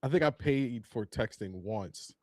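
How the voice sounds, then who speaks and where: A man co-hosting a casual podcast, chiming in with quick reactions and easy laughter. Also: mid-range voice, expressive, darkish tone, dry recording, clean studio sound. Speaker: podcast co-host. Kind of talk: casual chat.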